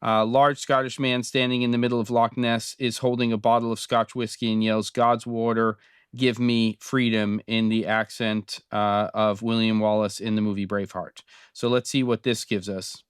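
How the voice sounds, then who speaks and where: A man's voice: on the low side, moderate pace, clear, resonant tone, no echo, studio quality. A man in his fifties from Britain hosting a casual tutorial, thinking aloud with frequent ums. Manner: relaxed, thinking aloud with many fillers. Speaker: host. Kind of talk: casual screen-recorded tutorial.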